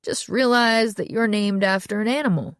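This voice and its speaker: A woman voicing a folksy, mocking male small-town sheriff with a slow drawl. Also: mid-range voice, clean tone, no room sound, studio quality, voice pushed up, close to an everyday voice.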